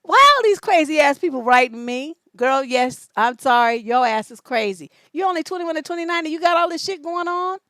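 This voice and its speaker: A woman's voice: high-pitched, lively intonation, a little fast, hardly any pauses, bright, forceful tone, dry recording. A woman relationship coach answering viewer questions in a casual livestream, blunt and profane, joking as she reads the questions aloud. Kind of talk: casual livestream advice chat.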